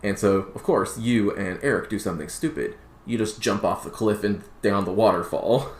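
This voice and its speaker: A man's voice: fairly low pitch, normal speed, a little mellow. A man on a gaming podcast recapping a game's story in a laid-back, storytelling way. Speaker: podcast co-host. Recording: roomy with faint noise.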